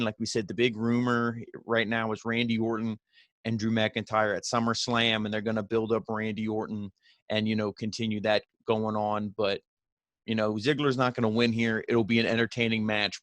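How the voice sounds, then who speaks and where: Man, low voice, dry close sound, casual wrestling show recap, rambling with fillers. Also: fairly bright tone, dry recording.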